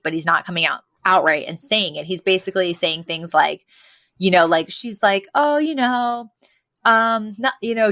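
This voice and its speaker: A woman co-hosting a podcast, talking in an animated, casual way with lots of fillers. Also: fairly low pitch. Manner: animated, chatty with many fillers. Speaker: podcast co-host. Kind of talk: casual chat.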